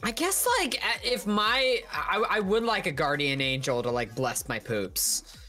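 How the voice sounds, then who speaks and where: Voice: medium pitch, a little slow, pushed and bright, soft background music. A player in casual gaming chat, joking hesitantly.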